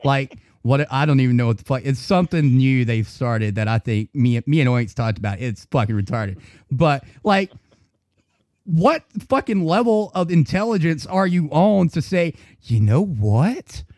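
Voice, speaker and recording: A man's voice: medium pitch, moderate pace, a little mellow, no room sound. A man co-hosting a podcast, ranting heatedly with heavy swearing in casual chat. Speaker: podcast co-host.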